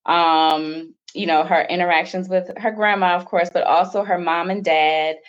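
A woman author speaking in a measured, earnest way. Her voice sits fairly low. The sound is dull and lo-fi, like a remote call. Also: steady tone. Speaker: children's book author. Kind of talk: interview answers. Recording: dull lo-fi line.

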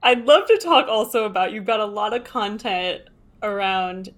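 A woman's voice: medium pitch, normal speed, a bit bright. A woman hosting an interview, asking questions casually and laughing often.

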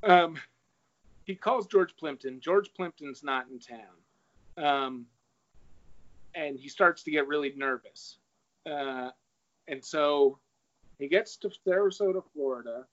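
A man's voice: on the high side, takes it slowly, pauses often, a bit bright. A man in casual chat, retelling an essay and reading quoted passages aloud. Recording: dull lo-fi recording.

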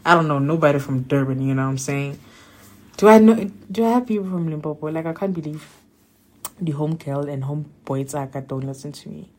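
Low-voiced young south african woman rambling on her podcast, lots of likes, gets excited. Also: fairly quick. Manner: chatty, frequent "like" fillers, excitable bursts. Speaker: podcast host. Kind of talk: casual solo podcast monologue.

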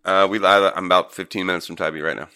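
A man's voice: low-pitched, fairly even intonation, fast talker, pushed and bright, clean tone. A man from Ohio with a Central Ohio accent, hosting a casual chat, joking and laughing often. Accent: Central Ohio American.

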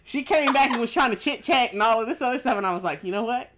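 A woman's voice: fairly high pitch, expressive, quick pace, very noisy. A young woman co-hosting a casual chat show, laid-back and teasing. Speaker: podcast co-host.

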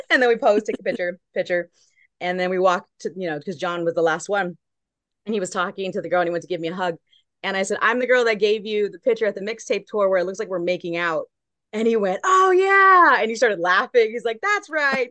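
A woman's voice: mid-range voice, quick pace, a bit bright, no echo. A woman from Long Beach, California, a guest correspondent who tells a story in casual chat and acts out each quote.

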